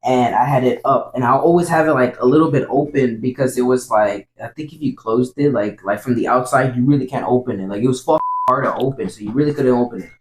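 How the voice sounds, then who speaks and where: A man's voice: mid-range voice, fast talker, few pauses. A young man telling a story in a casual, rambling way, swearing a lot and repeating himself. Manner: rambling, profane, repeats "I was like". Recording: echoey room.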